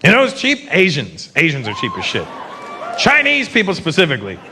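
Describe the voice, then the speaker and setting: This male comedian works a big arena crowd, brash and profane, constantly dropping into mocking character voices. His fairly high voice swoops wildly in pitch at a brisk clip, and the live recording carries loud laughter plus a little hiss or hum.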